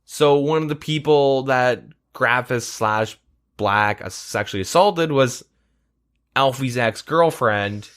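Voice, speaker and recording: A man's voice: mid-range voice, slow pace, fairly bright tone, smooth. Rambling, swearing podcast guy. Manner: rambling, filler-heavy, swears casually. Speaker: podcast host. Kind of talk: casual chat.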